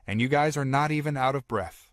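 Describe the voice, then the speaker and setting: A man's voice: medium pitch, brisk, no room sound, studio quality, natural voice. A man voicing a naive, confused old grandfather in a recap of a comic story, reading the lines plainly with pleading questions. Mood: puzzled.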